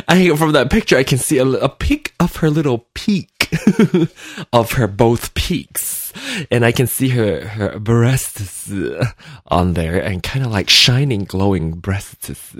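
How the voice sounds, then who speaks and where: A man's voice: mid-range voice, no room sound, clean studio sound. A man hosting a solo podcast, rambling and giggling with many fillers, just woken up. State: just woke up, clammy. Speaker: podcast host. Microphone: desk mic at computer.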